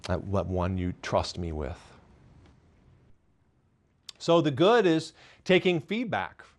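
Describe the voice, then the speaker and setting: Talking slowly and with huge swings in pitch, the man covers parenting and faith for a live studio audience. Candid and self-deprecating with gentle humor, he shifts from loud, high emphasis down to soft, low asides.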